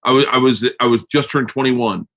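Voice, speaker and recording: A man's voice: mid-range voice, brisk. A man hosting a podcast in casual chat, telling stories in a loose, rambling way with plenty of swearing. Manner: loud, swearing, rambling storyteller. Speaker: podcast host.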